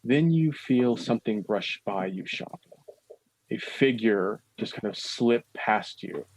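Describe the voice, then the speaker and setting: A man running a tabletop horror game as dungeon master, describing scenes slowly and with suspense, with casual asides to his players. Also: on the low side, lively intonation, a little mellow, a little hiss or hum.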